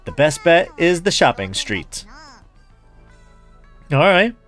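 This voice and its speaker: A man narrates his playthrough of a story game, reading each character's lines aloud and laughing at the script. His pitch swings widely from line to line, and soft music runs faintly behind him. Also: sing-song, takes it slowly. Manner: reads every character aloud, switching voices. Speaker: gaming YouTuber. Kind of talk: let's play, voicing game dialogue.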